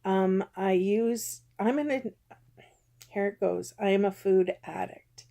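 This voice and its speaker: In a personal vlog, a woman in her fifties speaks openly to her camera with a mellow, warm, medium-pitched voice touched by vocal fry. Her speech is halting, full of pauses and ums, and she sounds emotional, at times close to tears.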